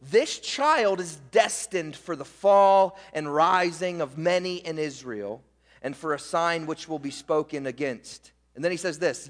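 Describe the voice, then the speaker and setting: A male pastor preaching a sermon, emphatic, asking rhetorical questions and slowing down on key words. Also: a little high. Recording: reverberant sanctuary.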